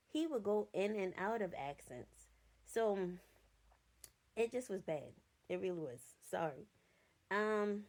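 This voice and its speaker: Slow-talking blunt young woman reviewer. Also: lowish voice, a little mellow. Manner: blunt, profane, exasperated. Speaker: film reviewer. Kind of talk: casual spoken review reading from notes.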